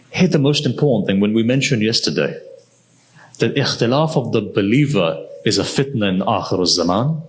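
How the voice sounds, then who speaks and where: Man preaching a story-filled sermon. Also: medium pitch. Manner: storytelling, acting out quoted figures.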